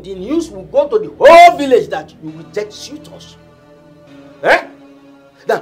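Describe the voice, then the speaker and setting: Father, stern, scolding, husky, high-pitched, lively, film drama. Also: heavily acted. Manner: scolding, demanding, repeating "eh?". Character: stern middle-aged village father scolding his daughter.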